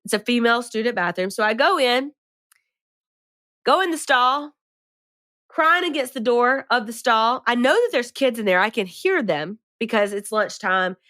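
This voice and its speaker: Woman podcast co-host, animated storyteller, crisp bright tone, dry sound. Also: a little high, normal speed, no room sound. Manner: animated, dramatic retelling with rising emphasis. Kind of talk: casual storytelling chat.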